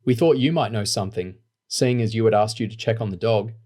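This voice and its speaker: A man reading an audiobook, voicing a calm, earnest twelve-year-old boy with an Australian accent. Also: on the low side, fairly quick, lightly acted.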